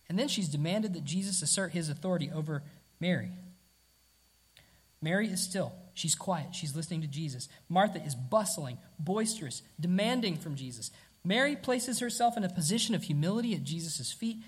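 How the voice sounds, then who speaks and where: Husky-voiced preacher giving an emphatic sermon. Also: mid-range voice, animated, moderate pace. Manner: emphatic, rhetorical questions, repeats words.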